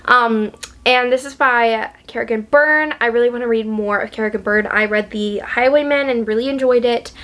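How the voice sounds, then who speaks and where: A woman's voice: fairly high pitch, moderate pace, a bit bright. A woman book vlogger in a casual chat, gushing and chatty, with lots of ums and likes.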